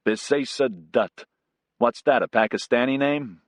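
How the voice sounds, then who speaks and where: A man voicing a brash, joking male American helicopter pilot who teases loudly, in an American accent. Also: medium pitch, unhurried, no echo, clean studio sound, voice pushed up, close to an everyday voice. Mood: teasing. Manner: teasing, loud.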